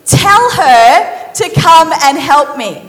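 A woman's voice: sits high, lively intonation, takes it slowly, a bit bright, heavily acted. A woman preacher voicing a flustered hostess who complains that she is doing all the work while her sister sits and listens. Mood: exasperated. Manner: exasperated, pleading. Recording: reverberant hall.

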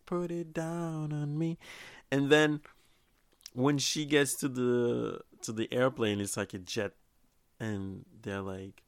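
Man in his 30s, low gravelly voice, loose rambling movie commentary full of restarts. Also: fairly bright tone, no room sound, clean studio sound. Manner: rambling, with frequent restarts and quoted asides. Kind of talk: casual movie recap.

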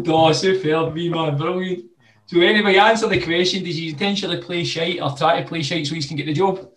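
A man's voice: fairly high pitch, normal speed, long pauses, fairly bright tone. Joking Scottish man, echoey room. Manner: laughing, joking, says "mate" a lot. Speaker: co-host, former player. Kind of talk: casual banter.

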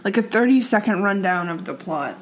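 A woman's voice: medium pitch, animated, fairly quick, rough recording. A young woman co-hosting a podcast, chatting casually, hesitant and teasing with lots of fillers. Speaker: podcast co-host. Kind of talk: casual chat.

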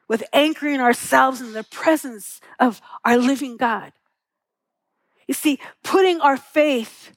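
A woman's voice: high-pitched, a bit bright, no echo, low-quality recording. A middle-aged woman pastor preaching a sermon, telling stories tenderly and asking the congregation rhetorical questions.

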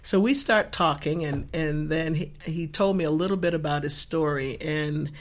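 A woman guest telling an earnest faith testimony in an animated way, acting out the voices in her story. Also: sits low, moderate pace. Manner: expressive, acts out the dialogue in her story.

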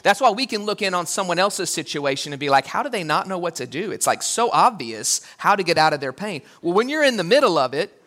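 A man preaching a sermon as pastor, animated and acting out quotes with sudden jumps in pitch. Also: brisk.

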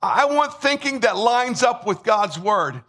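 A man preaching a sermon with emphasis, repeating words and rising to shouts. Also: extremely high pitch, animated, measured pace. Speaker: pastor.

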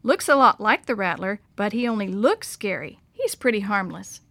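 A woman reading aloud, voicing a rugged adult male river guide who talks in a folksy drawl with rough grammar. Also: mid-range voice, expressive, moderate pace, a bit bright, no echo. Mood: amused.

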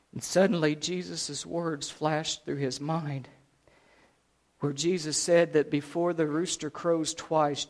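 Dramatic preacher retelling a story. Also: male voice, a little high. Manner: dramatic storytelling, swings from loud to hushed. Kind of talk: sermon retelling a scripture story.

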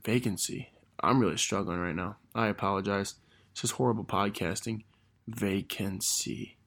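A man's voice: on the low side, fairly quick, creaky, fairly bright tone. A young man hosting a casual podcast, rambling and self-deprecating as he reads old messages aloud. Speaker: podcast host.

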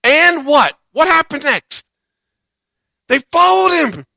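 Male pastor, sermon delivery, bright tense tone, dramatic swings in volume, acts out voices. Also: very high voice, slow, vocal fry, no room sound. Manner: animated preaching, acts out quoted voices, swings loud and soft.

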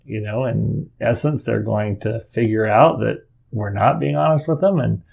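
A man's voice: lowish voice, moderate pace, creaky, a little mellow, slightly rough. A middle-aged father telling a personal story in a casual, earnest way, rambling and often restarting his sentences.

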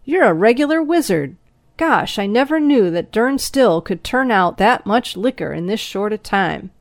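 A woman putting on a booming, good-humored backwoods man who slaps your shoulder as he talks. His voice rides high and loud, full of folksy cheer, in a dry, close storybook reading. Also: lively intonation, normal speed, no room sound, natural voice. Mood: jovial. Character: jovial, hearty male moonshiner friend.

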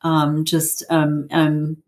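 A woman in her fifties with a notably low voice tells a personal story. She speaks haltingly, with plenty of fillers and nervous little laughs. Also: monotone, a little mellow. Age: 50s. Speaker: guest telling her family story.

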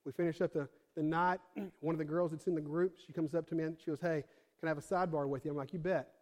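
Talking fast in a steady tone, a young male pastor preaches a sermon in a fairly high voice, using casual speech full of "like" and "bro." His delivery shifts from quiet, close storytelling to loud, energized emphasis.

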